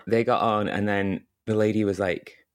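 A lower-voiced British man chatting on a podcast, spinning a rambling, animated anecdote. He talks casually, leans on "like" constantly and breaks into voices for the people in his story. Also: normal speed, clear, resonant tone. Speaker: podcast co-host. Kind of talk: casual chat.

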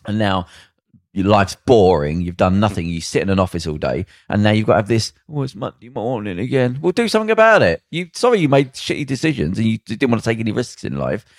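A man's voice: lowish voice, very animated, quick pace, no room sound, clean studio sound. A young man co-hosting a casual podcast, telling blunt, rambling stories full of slang and mimicked voices. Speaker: podcast co-host.

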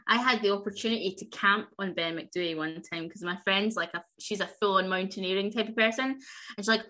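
A Scottish woman in her thirties co-hosting a podcast, chatting in a lively way and laughing often. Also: medium pitch, fairly quick. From Scotland. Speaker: podcast co-host. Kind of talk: casual chat.

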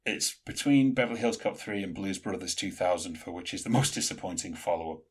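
A man with a husky, low voice co-hosts a podcast in a loose, chatty conversation. He talks in an animated way and rambles with plenty of fillers. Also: a little fast. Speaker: podcast co-host. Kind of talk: casual chat.

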